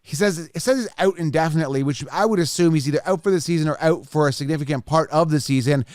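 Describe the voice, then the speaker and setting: A young man hosts his own podcast into a close, dry microphone, his voice pitched slightly high. He talks fast and eager, repeating his points like a salesman. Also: no room sound. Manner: energetic, repetitive, salesy. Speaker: podcast host. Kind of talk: casual podcast talk with ad reads. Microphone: studio microphone.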